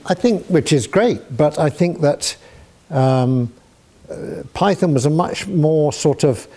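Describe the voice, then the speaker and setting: In a university hall, an older man answers student questions by telling anecdotes, chuckling and acting out quoted voices. His voice is mid-range with a dark tone.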